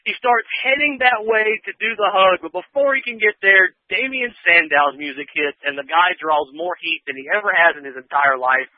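A man on a podcast chats through a recap in a loose, rambling way, full of fillers and quick acted-out quotes. His voice sits a bit high and comes over a thin, tinny phone line with a dry, close sound. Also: no echo. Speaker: podcast co-host recapping wrestling. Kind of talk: casual recap chat.

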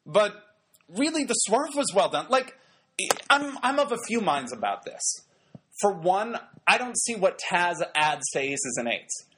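A man's voice: high voice, very animated, measured pace, sharp tone, slight background noise. A man giving casual, wry commentary on a wrestling show, talking loosely with lots of fillers. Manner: chatty, wry, many fillers.

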